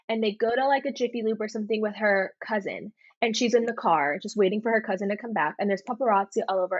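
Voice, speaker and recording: Retelling a story on a laid-back podcast, a young co-host leans heavily on "like" as she speaks animatedly. Her voice sits in the mid-range, and the recording is dry and lo-fi.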